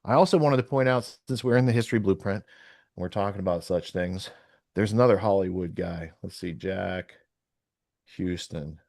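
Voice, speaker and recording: A man's voice: low voice, normal speed, creaky, darkish tone, dry recording. Man hosting a podcast, dry close sound. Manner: rambling, thinking aloud while browsing sources. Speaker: podcast host. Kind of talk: casual podcast talk.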